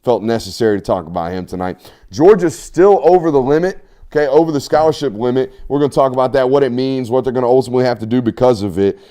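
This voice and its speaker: A man's voice: medium pitch, fast talker, warm tone. A man hosting a casual sports show, joking and teasing his co-hosts.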